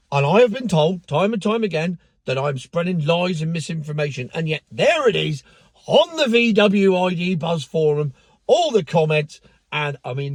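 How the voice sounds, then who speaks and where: A man's voice: a little high, no echo. A man giving a sardonic, mocking rant in casual commentary, with the odd swear word. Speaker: car vlogger.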